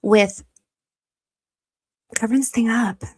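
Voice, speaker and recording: Talking straight to her viewers from a warm room at home, a woman hosts a casual livestream in a fairly high, slightly rough, darkish voice. She speaks slowly with fairly even intonation, reads comments aloud, and becomes gushing and emotional when viewers thank her.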